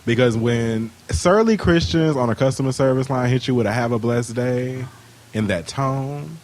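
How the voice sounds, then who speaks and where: A man's voice: mid-range voice, lively intonation, a little mellow. A man who is a guest on a podcast, chatting casually in a playful, jokey way. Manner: playful, jokey, quick to laugh. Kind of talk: casual chat.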